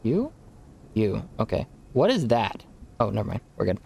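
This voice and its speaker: A man's voice: fairly low pitch, huge pitch swings, normal speed, gravelly, a little mellow, slightly rough. Laid-back young man streaming games. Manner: rambling, laid-back, swears casually, says bro often. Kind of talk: casual live-stream chat while gaming.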